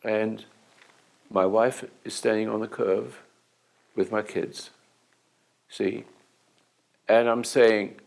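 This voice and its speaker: An older man acting as a self-help teacher, telling an anecdotal story to an audience in a halting way, with restarts, and acting out the dialogue. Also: on the low side, flat delivery, gravelly, a little mellow, poor audio.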